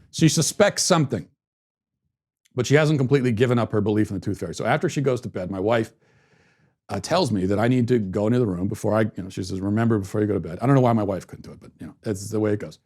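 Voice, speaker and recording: A man in his thirties hosting a commentary show, telling a story at home in a sarcastic, deadpan way and keeping his voice down. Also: quick pace. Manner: lowers his voice to keep quiet at home. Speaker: podcast host. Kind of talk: opinion commentary monologue.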